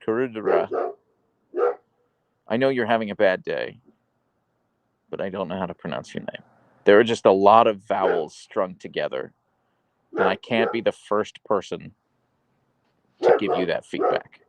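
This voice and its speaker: Gravelly-voiced male live streamer. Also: sits low, moderate pace, pauses often, no room sound. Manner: playful, teasing, chatty. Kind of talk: casual live-stream chat, reading comments aloud.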